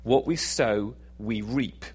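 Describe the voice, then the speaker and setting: A man's voice: medium pitch, slow pace, darkish tone, breathy edge. A man preaching a sermon in a conversational, self-deprecating, jokey way.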